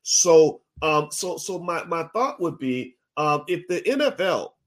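A man talking frankly and bluntly to an audience, jumping from low muttered asides to loud, high exclamations. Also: very animated, unhurried. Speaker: speaker. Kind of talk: talk to an audience.

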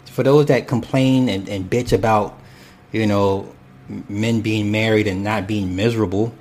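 A man's voice: lowish voice, steady tone, moderate pace, a little mellow, a little hiss or hum. A man hosting a casual commentary stream, reading chat and speaking bluntly and profanely, rambling with restarts.

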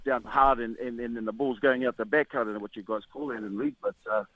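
A man's voice: medium pitch, fairly even intonation, fast talker, no echo. A man with a New Zealand accent rambles easily, stumbling over repeated words as he chats. He comes through a tinny phone line with a dry, close sound. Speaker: guest, former rugby player. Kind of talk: casual radio interview over the phone.

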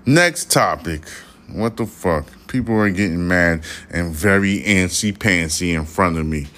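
In a studio room behind glass, a podcast host rants casually with lots of swearing, his speech slightly slurred because he's a bit drunk. His voice sits low with a fairly bright tone, and he's animated but unhurried.

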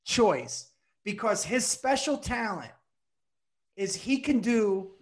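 A high-voiced man, a comedian guest on a casual podcast, telling an animated story and laughing between lines. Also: slow pace.

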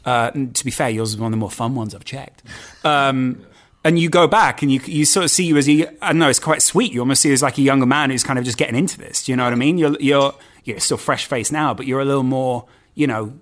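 Geordie man hosting, quick rambling chatty questions, casual interview. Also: medium pitch. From North East England. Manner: rambling, chatty, "do you know what I mean". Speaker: podcast host.

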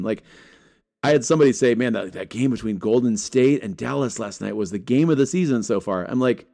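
A man vlogging about collecting sports cards, talking casually to his viewers in an energetic, joking way. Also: mid-range voice, fairly quick, gravelly. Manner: energetic, joking, rattles off names. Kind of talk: casual talk to camera.

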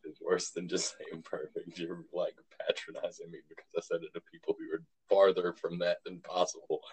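A man's voice: sits low, monotone, brisk, a little mellow, slightly rough. A man co-hosting a podcast in crude, casual banter, swearing constantly and laughing often. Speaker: podcast co-host.

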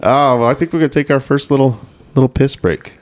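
A man's voice: mid-range voice, quick pace. A man hosting a casual comedy podcast, telling crude gaming stories and acting out quotes with bursts of laughter. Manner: crude, laughing storyteller who acts out quotes. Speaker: podcast host.

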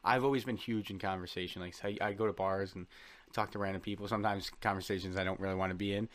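A man's voice: deep voice, fast talker. A man in his thirties telling rambling, joking stories as a guest in a casual podcast chat. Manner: rambling storyteller, lively and joking.

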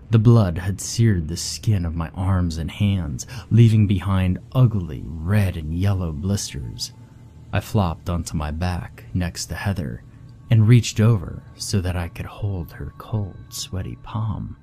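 A man narrating a horror story in a grave, measured first-person telling. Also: deep voice, warm tone, a little hiss or hum. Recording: faint background music.

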